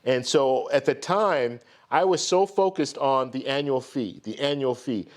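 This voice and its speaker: A man's voice: medium pitch, a little slow. Chatty man hosting a live stream. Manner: friendly, greets viewers by name one after another; rambling, restarts sentences often. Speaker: host of a live stream credit card show. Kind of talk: casual live stream chat.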